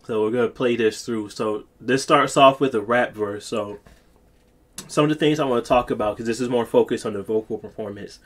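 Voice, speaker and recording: Man, music producer, casual tutorial, rambling talk, mid-pitched voice. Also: fairly quick, fairly bright tone. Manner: rambling, chatty explaining.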